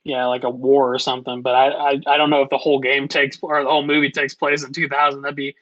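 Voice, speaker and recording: A podcast co-host chatting casually, agreeable and quick to laugh, often stumbling and restarting. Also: mid-range voice, level tone, fairly bright tone, no echo, muffled recording. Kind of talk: casual chat.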